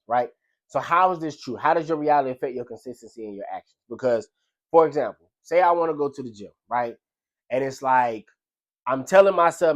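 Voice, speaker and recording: A man, a delivery driver, giving a casual motivational talk in a loose, slangy storytelling manner. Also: mid-range voice. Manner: loose, slangy storytelling with frequent "you know what I'm saying". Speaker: delivery driver sharing life lessons.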